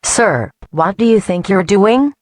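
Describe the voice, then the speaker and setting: A woman's voice: medium pitch, animated, a little slow, a little mellow, natural voice. A woman playing a composed, guarded hospital staff member in an amateur audio drama. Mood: firm.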